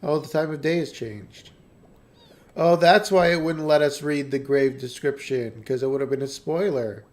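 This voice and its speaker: A man chatting casually while playing a game, playful with quick reactions. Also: a little high, fairly even intonation, darkish tone. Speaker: game streamer. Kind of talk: casual let's-play chat.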